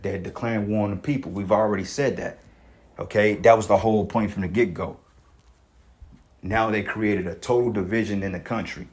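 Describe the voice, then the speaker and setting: Man, fairly low voice, reads news aloud, rambling commentary, profane, streetwise, repeats and restarts words. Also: a little mellow.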